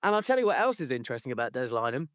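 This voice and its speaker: A man's voice: medium pitch, very animated, rapid-fire, clean tone, dry recording, studio quality. Playful, sardonic male podcast host. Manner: playful, sardonic, chuckling asides. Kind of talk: casual chat.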